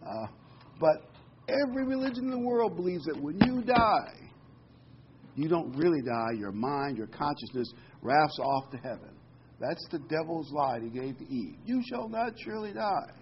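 A man's voice: medium pitch, highs cut off, a little hiss or hum. A man preaching a sermon in an earnest teaching manner, quoting and explaining scripture with frequent "um"s.

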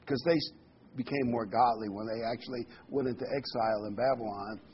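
A man's voice: mid-range voice, fairly even intonation, fairly quick. A man preaching a sermon in a conversational way, leading the congregation to repeat words after him. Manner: conversational, leads the congregation in call-and-response. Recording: dull lo-fi recording with faint hiss.

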